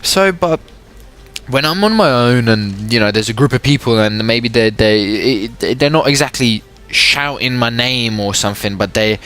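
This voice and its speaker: A man's voice: medium pitch, a little slow, a bit bright. A young man giving casual gameplay commentary, rambling along and often stammering and repeating his words. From England. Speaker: gaming commentator.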